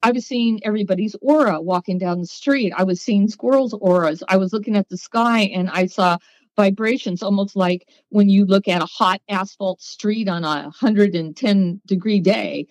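Animated woman telling a story, dry sound. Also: medium pitch, moderate pace, no room sound, rough recording. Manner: animated storyteller acting out quoted voices. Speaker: guest, psychic. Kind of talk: storytelling in a podcast interview.

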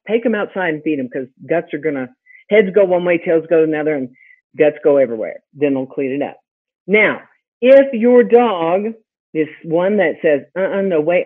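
A woman hosting a lively teaching webinar, firing off rhetorical questions and answering them herself. Her voice is husky, and it comes through thin, phone-like audio. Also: sits low. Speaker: host and pet health consultant.

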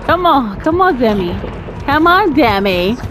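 A loud, excitable woman calls out her gameplay, her high voice swinging wildly up and down as she cheers and yells. Between outbursts she drawls her words out slowly. Loud game music plays under her the whole time. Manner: trash-talks the killer. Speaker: gaming video creator.

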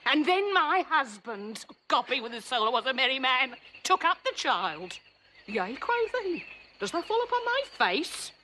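A woman's voice: high voice, very animated, measured pace, pushed and bright, slight background noise, heavily acted. An actress playing a garrulous, bawdy older nurse in a classical drama, rambling and laughing at her own stories. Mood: chattering. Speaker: nurse in a period stage drama. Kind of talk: classical verse acting.

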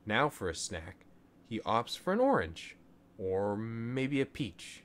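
A man reading a children's story aloud in a low voice. He takes his time with each line, and his pitch rises and falls in a lively, expressive way. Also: slow pace. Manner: gentle, expressive storybook narration.

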